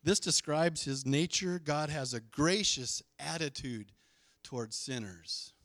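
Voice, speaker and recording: Male pastor, middle-aged, emphatic sermon delivery, slightly high voice, dry sound. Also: slow pace, fairly bright tone, no room sound. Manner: emphatic, call-and-response with congregation.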